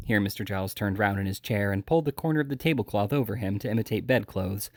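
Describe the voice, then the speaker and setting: A man reading a classic novel aloud as an audiobook, lively and expressive, with small slips and restarts. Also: lowish voice, fast, few pauses, no echo. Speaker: audiobook reader.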